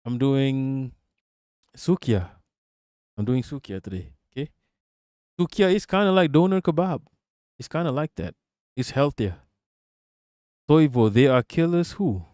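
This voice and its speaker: A man's voice: medium pitch, very animated, unhurried, long pauses, a little mellow, no echo, clean studio sound. A man live-streaming, reacting to a video and his chat in brash, profane casual talk.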